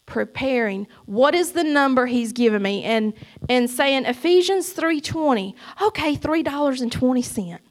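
A middle-aged woman giving a church testimony, emphatic and preachy, swinging between loud cries and soft asides. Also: sits high, lively intonation, moderate pace.

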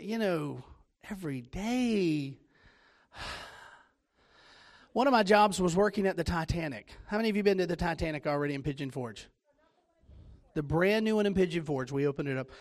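A man's voice: a little high, lively intonation, normal speed. A man with a Southern US accent preaching a sermon, telling stories with self-deprecating humor. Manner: joking, self-deprecating storytelling.

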